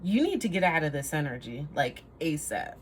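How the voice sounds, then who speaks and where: A woman's voice: deep voice, very animated, fast talker, a little hiss or hum. A woman giving a casual tarot reading to camera, rambling, trailing off and laughing at herself. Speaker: tarot reader.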